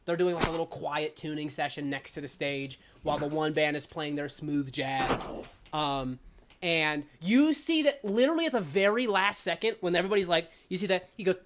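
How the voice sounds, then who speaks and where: A woman's voice: deep voice, animated, normal speed, noisy background. Laughing woman game master. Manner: casual, laughing, voices side characters. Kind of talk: narrating a tabletop game.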